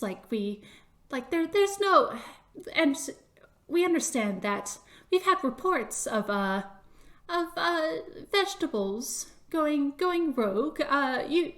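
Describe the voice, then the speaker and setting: A woman's voice: sits high, a bit bright, voice pushed up, heavily acted. A woman voicing a timid female mouse official who stammers and hesitates.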